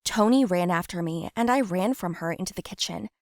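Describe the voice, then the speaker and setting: A young adult woman telling a scripted first-person story in a plain, steady way. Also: lowish voice, a little fast, no echo, clean studio sound. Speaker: narrator.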